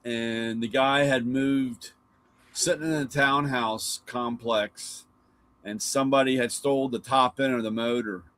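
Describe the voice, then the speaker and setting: A man's voice: mid-range voice, fairly even intonation, a little slow, fairly bright tone. A middle-aged man, host of a live car talk show, casually telling rambling stories about old cars and his dad, swearing and mimicking voices. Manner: rambling anecdotes, swears, acts out his dad's lines.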